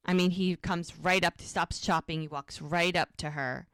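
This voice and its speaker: A woman co-hosting a podcast, telling an episode's story in a casual, animated way and quoting the characters. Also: fairly low pitch, normal speed, smooth, dry recording, clean studio sound. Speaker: podcast co-host.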